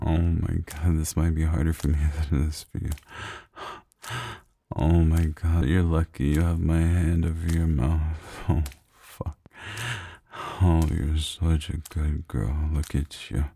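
A man performing an intimate audio role-play in a low, close, murmured delivery, speaking near the microphone. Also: little pitch movement, takes it slowly, vocal fry, warm tone, slight background noise. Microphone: close microphone, speaking near the ear.

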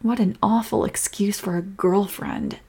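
Young woman whispering in a role-play, breathy and soothing, protective girlfriend vibe. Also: medium pitch, fairly even intonation, a little slow. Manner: soft, comforting, protective.

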